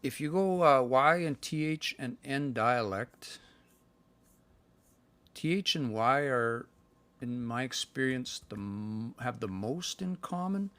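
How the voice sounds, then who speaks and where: A man giving a casual live-stream language lesson from home. He thinks aloud and sounds out words slowly. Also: mid-range voice, animated, fairly bright tone, no echo. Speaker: language teacher.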